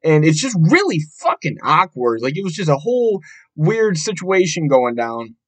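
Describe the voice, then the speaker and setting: A young man hosting a casual solo podcast, ranting with a lot of profanity and an exasperated tone, and jumping up into shouts. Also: on the high side, sing-song, normal speed, poor audio. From Buffalo, New York area. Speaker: podcast host.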